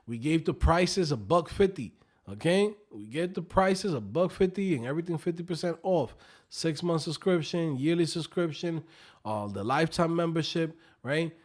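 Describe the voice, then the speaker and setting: Male streamer, slightly high voice, loose and profane, tells stories with lots of energy. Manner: animated storyteller, profane and joking. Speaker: coding instructor and live stream host. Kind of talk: casual live stream chat.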